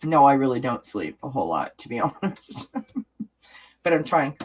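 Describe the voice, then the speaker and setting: A woman's voice: rumbling low, very animated, moderate pace, slightly rough, poor audio. Rambling woman hosting a card-reading stream. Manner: rambling, restarts and trails off. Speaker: live-stream host reading oracle cards. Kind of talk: casual live-stream chat.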